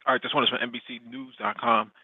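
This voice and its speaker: A podcast host reading a news article aloud, stumbling and restarting now and then. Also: male voice, high voice, sing-song, fast talker, creaky, breathy edge, dry recording. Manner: reads with frequent restarts. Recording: dry, tinny phone-like line.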